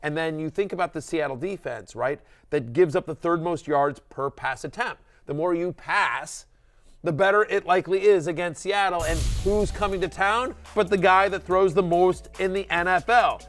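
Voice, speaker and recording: A man with a fairly high voice, chatting loosely about fantasy football, circling back on himself with lots of restarts and fillers. Faint music plays underneath. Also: normal speed, fairly bright tone. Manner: rambling, many restarts and fillers. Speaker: fantasy football analyst and show host. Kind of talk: casual sports chat.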